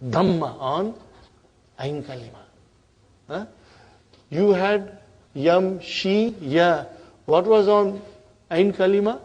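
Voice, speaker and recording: A man's voice: sits high, slow pace, long pauses, darkish tone, husky, muffled recording. A middle-aged man teaching an Arabic grammar class, drilling forms and often checking whether the students follow. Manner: prompting students with "huh?".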